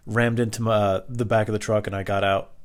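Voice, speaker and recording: A man's voice: fairly low pitch, little pitch movement, fairly quick, smooth. A young man hosting a podcast, telling a comic personal story in a rambling way, full of profane, self-mocking asides. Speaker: podcast host.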